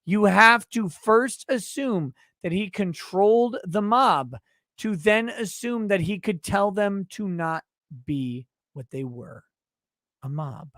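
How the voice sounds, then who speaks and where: A man's voice: high-pitched, animated, slow pace, fairly bright tone, no room sound, clean studio sound. A man giving angry, sarcastic commentary while reacting to recorded footage, swearing often. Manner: heated, sarcastic, profane.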